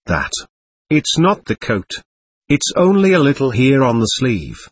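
A man voicing an excitable young man who explains himself with hurried, childlike ingenuousness in a storybook reading. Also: medium pitch, husky, exaggerated voice. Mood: confiding.

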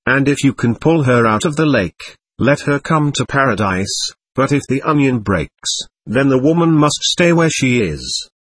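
A man reading the words of a solemn, commanding God in a storybook, measured and grave. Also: medium pitch, sing-song, fairly bright tone, breathy edge, dry recording, exaggerated voice, low-quality recording.

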